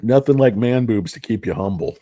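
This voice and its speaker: Man, stock vlogger, lively pitch, dry close sound, jokey, rambling. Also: a little fast, no echo. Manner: jokey, self-deprecating, rambling. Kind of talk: casual rambling commentary.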